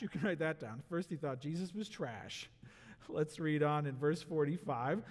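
Guy preaching, really animated, asks the church questions, echoey hall sound. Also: high voice, brisk. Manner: animated, acts out voices and asks the crowd rhetorical questions. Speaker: pastor. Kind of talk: sermon. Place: church sanctuary. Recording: long hall reverb in a church.

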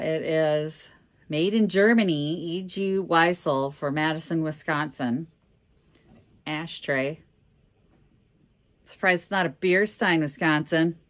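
A middle-aged woman from Minnesota, a reseller chatting casually and candidly with joking asides as she sorts auction finds. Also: sits low. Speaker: reseller vlogger. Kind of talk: casual chat.

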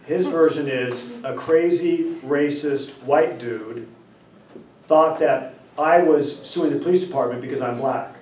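A man lecturing and telling a story, acting out the dialogue, often clearing his throat. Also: on the high side, a little slow, a little hiss or hum. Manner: animated, acts out dialogue, frequent throat clearing. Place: lecture room. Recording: roomy lecture hall from far off.

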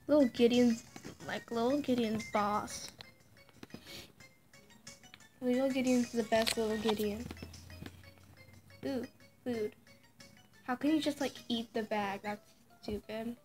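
Casual woman vlogger, chatty, fairly high voice, soft music behind her. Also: steady tone, a little slow, pauses often. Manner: chatty, coos at a pet in the game. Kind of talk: casual gameplay chat.

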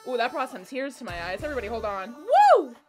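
A woman's voice: on the high side, rapid-fire, faint music behind. A young woman hosting a video reaction, hyper and gushing, swearing and shrieking as she comments. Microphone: headphones on while recording.

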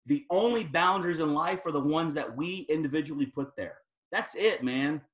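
High-voiced fired-up man giving a pep talk. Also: a bit bright. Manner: emphatic and fired up, casual slangy delivery. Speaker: guest speaker at a sales team training. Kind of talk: motivational team training talk.

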